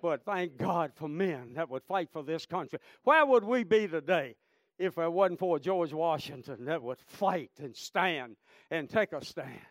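A man preaches a sermon with fervor, repeating phrases and calling out "Amen?" and "friend" to the congregation. His fairly high voice is animated yet measured in pace, captured in a dry, studio-quality recording.

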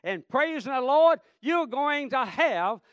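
A man's voice: very high voice, lively intonation, slow pace, fairly bright tone, dry recording. A man preaching a sermon with fervor, repeating phrases and calling out to the congregation. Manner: fervent, repetitive, calls out "Amen?" and "friend".

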